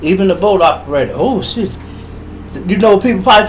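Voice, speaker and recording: A middle-aged man with a Chicago accent hosting a podcast, telling a story in an animated, profane monologue and acting out voices and sound effects. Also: high voice, fairly quick, noisy background. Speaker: podcast host.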